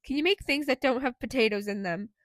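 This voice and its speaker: A woman reading the lines of an arrogant young gentleman, with a drawling, mocking manner and a slightly raised voice. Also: on the high side, fairly quick, no echo, studio quality, natural voice. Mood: teasing.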